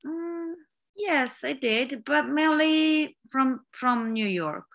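A woman from Italy with an Italian accent, an actress answering interview questions, often pausing to search for words. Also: sits high, expressive, creaky, a bit bright, lo-fi sound. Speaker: actress, guest.

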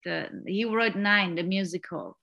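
A woman from Italy with an Italian accent, an actress answering interview questions, often pausing to search for words. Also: medium pitch, vocal fry, pushed and bright. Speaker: actress, guest.

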